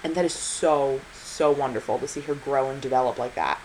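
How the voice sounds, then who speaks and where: A woman's voice: extremely low pitch, a little fast, darkish tone, slight background noise, poor audio. A woman co-hosting a casual film review, talking in a passionate, emphatic way and repeating phrases for stress. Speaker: podcast co-host.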